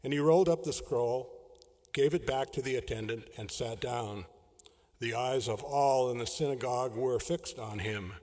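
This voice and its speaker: Male scripture reader, measured and formal, long hall echo. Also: medium pitch, a little mellow. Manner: measured, deliberate reading. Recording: large hall with long reverb.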